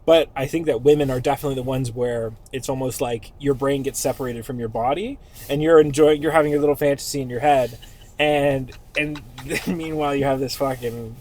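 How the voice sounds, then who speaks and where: A man's voice: mid-range voice, steady tone, a little fast, darkish tone. A man hosting a casual podcast chat, crude and joking, often laughing. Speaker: podcast host.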